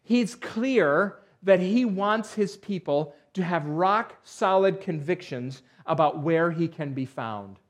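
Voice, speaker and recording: A man's voice: high voice, animated, slow, few pauses. A man preaching a sermon to his congregation, conversational with dry asides and emphatic rhetorical questions. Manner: conversational with dry asides and self-deprecating humor. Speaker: pastor.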